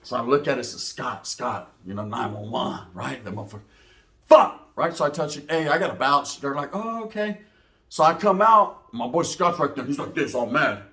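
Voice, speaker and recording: A man's voice: mid-range voice, lively intonation, normal speed, sharp tone. A man telling a rambling, profane comic story, mixing in slang and acting out voices. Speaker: comedian.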